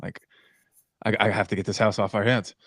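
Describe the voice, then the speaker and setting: A man's voice: fairly low pitch, little pitch movement, fairly quick, fairly bright tone, no room sound. Rambling man on a dry mic. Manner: laughs often, rambling and venting. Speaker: podcast co-host. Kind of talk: casual chat.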